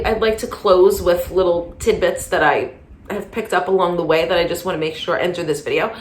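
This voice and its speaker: A woman's voice: on the low side, steady tone, a little fast, echoey room. A woman talking through a casual commentary monologue, rambling with many restarts and getting heated. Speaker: commentary vlogger.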